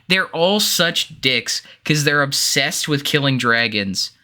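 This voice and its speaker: A man co-hosting a casual podcast chat, crisp bright voice, quick to laugh and swear, animated delivery. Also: mid-range voice. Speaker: podcast co-host.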